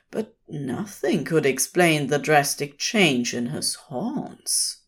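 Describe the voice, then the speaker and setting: A woman reading fan fiction aloud as a podfic, with expressive storytelling. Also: low-pitched. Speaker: podfic reader.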